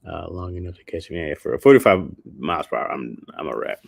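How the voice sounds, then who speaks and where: A man's voice: a bass voice, expressive, fairly quick, vocal fry, husky, no echo. A man hosting a livestream, chatting casually with viewers, rambling and slangy, laughing a lot. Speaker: livestream host.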